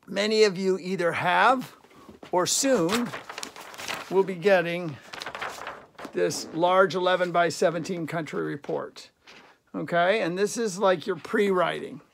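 A man's voice: sits high, unhurried, gravelly, pauses often, a little hiss or hum. A middle-aged male teacher giving a recorded class lesson, chatty and jokey, with lots of fillers and restarts.

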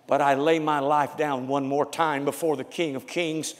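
A man preaching as a pastor, with a raspy, loud voice, swinging from shouts to hushed prayer. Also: fairly high pitch, level tone, normal speed, in a large hall. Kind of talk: sermon. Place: church sanctuary.

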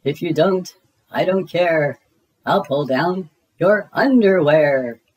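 Brief: eager young boy frog, husky, slow, stretched-out lines, voiced by a read-aloud narrator. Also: mid-range voice, expressive, darkish tone, muffled recording. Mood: playful.

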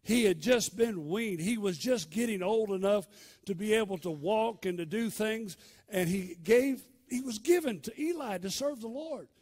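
A male pastor, preaching a sermon in a dramatic storytelling way that swings from loud to hushed. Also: sits high, normal speed.

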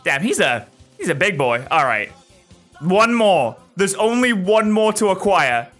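A bright, high-pitched man rattles through jokey gameplay commentary, his voice swinging wildly up and down. He is excitable and yells at every win. Faint game music plays behind him. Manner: excitable, jokey, yells at wins, mock-slow reading. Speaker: gaming YouTuber.

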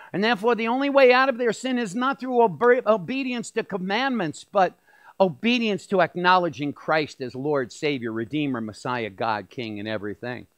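High-voiced lively man teaching. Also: no echo. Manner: lively, chatty with the audience. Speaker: rabbi leading a Seder. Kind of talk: teaching at a Passover meal. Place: church fellowship hall.

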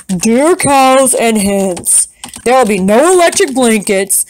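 A woman voicing an exasperated male farmer, speaking loudly and indignantly. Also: fairly high pitch, expressive, slow pace, a little hiss or hum, low-quality recording. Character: exasperated grown male farmer, easily riled.

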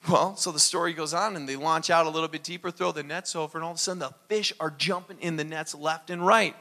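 A man preaching a sermon as pastor, animated and acting out little dialogues. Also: a little high, fast.

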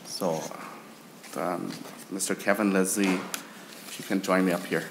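A man chairing a state senate committee hearing, speaking in a halting way with repeated words. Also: low voice, level tone, gravelly, background noise. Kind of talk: legislative hearing remarks.

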